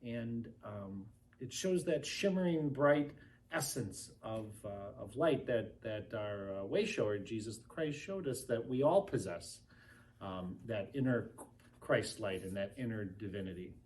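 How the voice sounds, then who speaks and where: A man co-hosting a children's Sunday school class, relaxed and agreeable, pausing on fillers when he explains. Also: fairly low pitch, far from the mic. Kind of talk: casual class talk.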